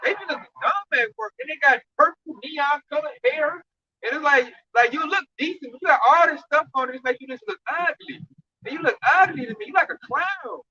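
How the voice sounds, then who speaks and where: A man giving an animated, slangy, scolding informal sermon at a camp teaching. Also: very high-pitched, brisk. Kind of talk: informal preaching. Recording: dull dry recording.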